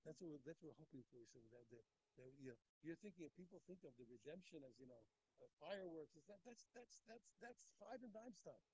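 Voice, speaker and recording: A man teaching a daily Talmud class, animated and talking in quick restarts, repeating phrases as he works through the text. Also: on the high side, slight background noise, rough recording. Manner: animated, repeats phrases, acts out the text's speakers. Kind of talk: daf yomi Talmud class.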